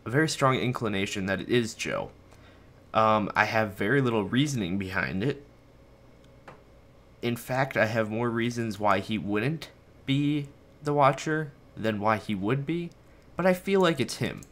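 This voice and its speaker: A man's voice: fairly low pitch, measured pace, a bit bright. A young man hosting a casual game video from his bedroom, rambling and joking at his own expense while he plays. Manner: rambling, self-mocking, talks to viewers and his dog. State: a bit out of breath. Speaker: gaming video host. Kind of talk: casual let's-play commentary. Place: bedroom at home.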